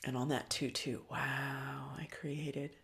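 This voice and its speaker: A woman hosting a podcast, talking in a loose, candid, profane way about spiritual matters, with frequent ums and soft near-whispered stretches. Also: a bass voice, little pitch movement, slow pace. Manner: often drops to a soft, breathy near-whisper. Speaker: podcast host. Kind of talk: casual spiritual reflection.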